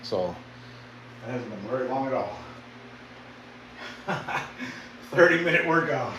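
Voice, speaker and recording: A man's voice: mid-range voice, lively intonation, takes it slowly, bright, forceful tone, slight background noise. A man vlogging casually to his viewers between sets in his home weight-training setup. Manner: laid-back, chatty, talks to viewers directly.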